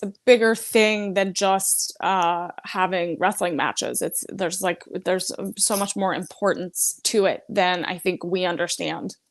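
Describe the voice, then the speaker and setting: A woman co-hosting a casual chat, speaking quickly and thoughtfully with many fillers. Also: lowish voice. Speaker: co-host.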